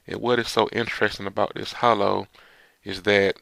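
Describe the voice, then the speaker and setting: A man's voice: fairly low pitch, little pitch movement, moderate pace, vocal fry, a bit bright. A man reviewing a manga chapter in a casual, rambling way, reading the dialogue aloud in his own plain voice. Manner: rambling, stop-start, reads dialogue aloud without doing voices, chuckles.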